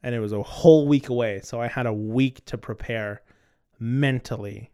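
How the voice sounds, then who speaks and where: A man's voice: mid-range voice, normal speed, mellow, clear, resonant tone. A man hosting a podcast and telling a personal story in a candid, casual way. He swears freely and repeats words as he restarts. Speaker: podcast host. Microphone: recording on two cameras.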